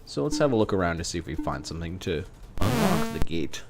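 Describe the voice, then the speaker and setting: A man giving playful live commentary while playing a retro role-playing game, muttering asides to himself and sometimes dropping to a hush. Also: sits low, big pitch swings, fast talker, loud music behind the voice. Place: home streaming setup.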